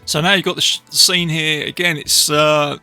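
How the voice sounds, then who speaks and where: A man's voice: a little high, fairly even intonation, normal speed, sharp tone, clean tone, soft background music. A man hosting a casual solo podcast, retelling film scenes. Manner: chatty, retelling scenes with many fillers. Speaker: podcast host, film reviewer. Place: beach outdoors.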